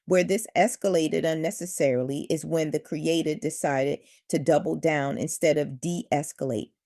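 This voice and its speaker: A woman reading scripted commentary in a firm, measured, lecturing way. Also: deep voice, darkish tone, no echo, studio quality.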